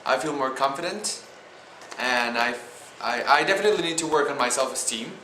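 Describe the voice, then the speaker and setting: A man's voice: mid-range voice, bright, forceful tone. A young man with a Spanish accent, a student talking casually in a vlog and often restarting his sentences. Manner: halting, many restarts and "like" fillers. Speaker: student vlogger. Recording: roomy echo with faint noise.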